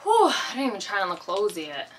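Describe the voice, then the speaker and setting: A woman's voice: mid-range voice, wildly swooping pitch, brisk, slight background noise. A woman chatting casually through a shopping haul vlog. She rambles and pokes fun at herself. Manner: chatty, rambling, self-deprecating. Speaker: YouTube vlogger.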